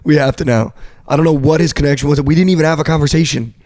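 A young man co-hosting a casual sports betting talk, animated as he tells a story and mimics a stranger in a flat voice. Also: on the high side, quick pace, dry recording, clean studio sound. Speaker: podcast co-host.

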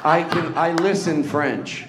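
Rambling comedian in an echoey room. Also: male voice, fairly high pitch, slow pace. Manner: rambling, self-mocking, chatty with the crowd. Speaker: comedian hosting a live podcast. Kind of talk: live stand-up banter with the audience. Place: event room in a hotel before a live audience.

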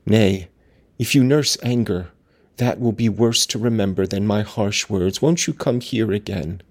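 A man's voice: on the low side, unhurried, darkish tone. A man reading as Catherine, a dying young woman. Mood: pleading.

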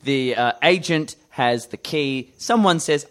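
An Australian man, a guest comedian, telling animated anecdotes in casual podcast chat and acting out the people in them. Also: mid-range voice, a little slow.

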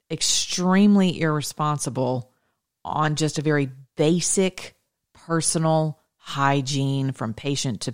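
Low-voiced American woman telling a story. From United States. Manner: animated storytelling, quick asides and self-corrections. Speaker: host talking to her audience. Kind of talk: casual monologue.

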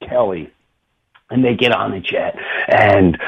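A middle-aged man hosting a radio show, telling an animated story with laughs and quick impressions. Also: fairly low pitch, gravelly, slightly rough, lo-fi sound. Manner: animated, laughs often, does voices in anecdotes. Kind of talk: casual storytelling.

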